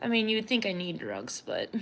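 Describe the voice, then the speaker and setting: Indoors at home, this artist livestreams a casual chat in a medium-pitched, sing-song, somewhat bright voice at normal speed. Slight background noise sits behind her slightly slurred speech as she rambles, laughs often, and mocks herself.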